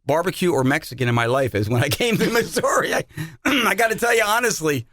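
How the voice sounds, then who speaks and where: A man's voice: on the high side, lively intonation, fairly quick, fairly bright tone, dry recording. Middle-aged guy cohosting a podcast, rambly chatty stories, close dry mic. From New Jersey, USA. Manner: chatty storyteller, repeats words as he talks. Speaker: podcast co-host. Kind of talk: casual podcast chat.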